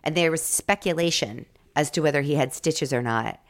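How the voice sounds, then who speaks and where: Low-voiced woman co-hosting a chatty podcast. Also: moderate pace, background noise. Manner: playful, jokey storyteller. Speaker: podcast co-host. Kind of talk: casual chat.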